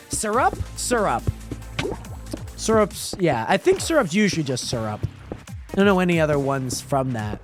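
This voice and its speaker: Animated man chatting over music. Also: on the high side, moderate pace. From Spokane, Washington, USA. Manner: rambling and filler-heavy, laughs often. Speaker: livestreamer. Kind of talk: casual chat, reacting to viewer chat.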